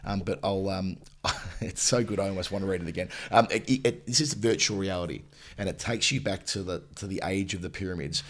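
A man's voice: low-pitched, brisk. A man in his thirties hosting a cricket podcast, chatting casually with plenty of ums. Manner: hesitant, lots of ums. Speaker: podcast host. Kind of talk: casual cricket chat and read sponsor spot.

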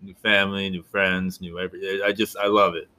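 A man co-hosting a podcast in casual chat, excitable and gushing, laughing often. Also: low voice, a little fast. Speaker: podcast co-host.

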